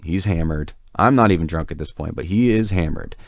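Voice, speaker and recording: A man's voice: deep voice, brisk, vocal fry, no room sound, clean studio sound. A man co-hosting a podcast, telling a long anecdote in a casual, rambling way with lots of fillers. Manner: rambling, filler-heavy, self-deprecating. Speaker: podcast co-host. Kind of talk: casual storytelling.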